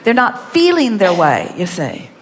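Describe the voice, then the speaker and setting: A woman's voice: medium pitch, wildly swooping pitch, a little slow. Woman speaking as "we" in a reverberant hall. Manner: speaks as "we", emphatic and repetitive. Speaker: speaker answering audience questions. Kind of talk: inspirational seminar talk. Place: large hall with audience.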